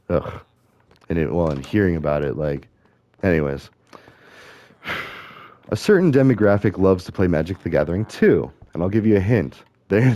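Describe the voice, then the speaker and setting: A man's voice: low-pitched, dark tone. A middle-aged man talking in rambling, casual commentary as he plays a game, musing aloud and correcting himself as he goes. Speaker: gaming streamer.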